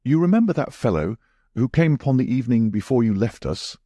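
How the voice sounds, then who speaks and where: A man voicing a careworn young gentleman who speaks urgently and with anguish. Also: medium pitch, big pitch swings, fairly quick, no room sound, clean studio sound, pitched above the performer's own voice. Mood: distraught.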